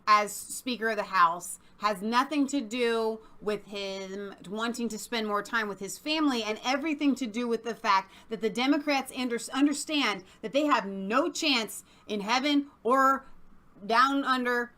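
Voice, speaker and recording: A woman co-host talks in a sassy, animated way and pokes fun at her audience. Her voice sits a little high and sounds bright and sharp. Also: measured pace. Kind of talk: opinionated casual chat.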